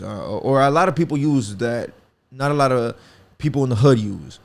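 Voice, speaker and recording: A man's voice: mid-range voice, lively intonation, moderate pace, gravelly. A young man from the Bronx with a New York accent, hosting a solo podcast in a profane, rambling, casual way with lots of restarts and slang. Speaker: podcast host.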